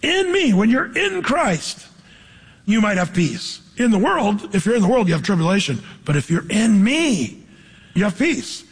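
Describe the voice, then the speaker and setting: Middle-aged male preacher, high husky voice, animated, long hall reverb. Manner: animated preaching, quotes scripture and acts out voices. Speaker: pastor. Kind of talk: sermon.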